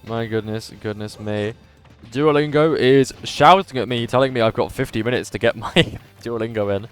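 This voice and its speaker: A man commentating a live video game tournament and chatting with viewers in a lively commentator voice that he says is a little strained today. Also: mid-range voice, moderate pace, soft background music. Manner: animated commentator voice, says his voice is going. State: slightly strained voice.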